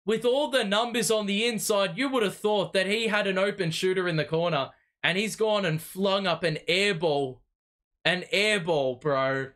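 Excitable, swearing young fan commentator. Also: male voice, high voice, normal speed. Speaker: fan watch-party host. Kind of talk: live fan play-by-play commentary.

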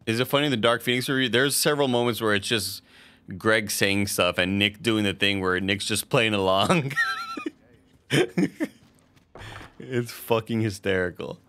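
A man chatting through a game stream in a fairly low voice with a bright, forceful edge. His talk is loose and casual. He swears freely and laughs a lot as he plays. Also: fairly even intonation, normal speed, no room sound. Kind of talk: casual gameplay commentary.

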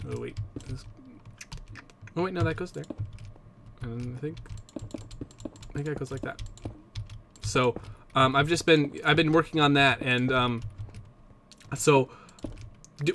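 A man's voice: fairly high pitch, fairly bright tone. A young man chatting casually to his viewers about computer gear, rambling and interrupting himself as he goes. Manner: rambling, self-interrupting, talks to viewers directly. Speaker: Minecraft let's play YouTuber. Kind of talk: casual vlog chat about PC hardware.

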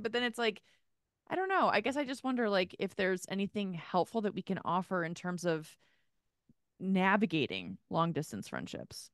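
A woman's voice: mid-range voice, big pitch swings, moderate pace, no room sound, studio quality. A woman hosting a podcast, chatting casually and rambling with lots of filler words. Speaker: podcast host. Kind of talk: casual chat.

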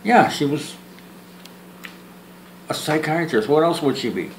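At a measured pace, a man with a voice on the high side and lively intonation talks to camera during a one-sided phone call. His manner is joking, rambling and self-deprecating, with restarted and repeated words. The roomy recording carries faint ambience and a little hiss or hum.

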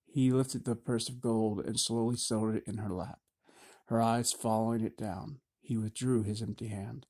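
A man narrating a fantasy audiobook in a steady, measured reading. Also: lowish voice.

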